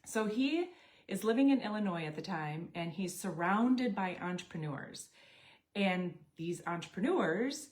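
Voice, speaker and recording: A middle-aged woman, a network marketing storyteller, casually recounts a personal story and animatedly acts out bits of dialogue in quoted voices. Her voice is mid-range and a little slow.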